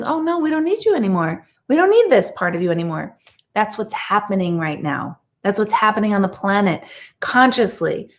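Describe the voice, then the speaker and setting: A woman medium talking casually and emphatically to her viewers on a live stream, chatty and animated. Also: mid-range voice. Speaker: intuitive medium.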